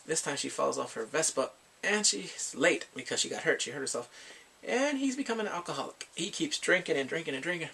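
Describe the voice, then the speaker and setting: A man's voice: fairly high pitch, animated, a little fast, gravelly, pushed and bright, husky. A man casually recapping drama episodes, rambling and filling his talk with "like" and acted-out quotes. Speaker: drama reviewer.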